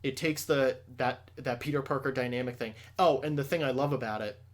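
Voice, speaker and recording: A man co-hosting a casual podcast chat, excitable and swearing a lot, raising his voice when he gets worked up. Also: mid-range voice, brisk. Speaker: podcast co-host.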